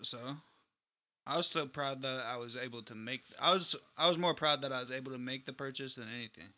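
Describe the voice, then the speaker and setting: A man's voice: medium pitch, a little fast, pushed and bright. A young man co-hosting a casual podcast, laid-back and joking along with his friend. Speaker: podcast co-host.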